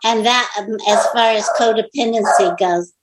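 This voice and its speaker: A woman's voice: fairly high pitch, normal speed, very noisy. A middle-aged woman, an author being interviewed, telling a personal story in casual conversation and acting out the quoted lines. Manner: animated storyteller who acts out quoted dialogue.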